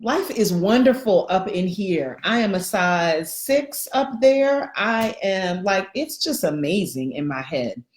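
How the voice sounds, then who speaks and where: A middle-aged woman giving an animated live coaching talk, greeting viewers by name. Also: medium pitch, slow, few pauses, echoey room. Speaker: life coach.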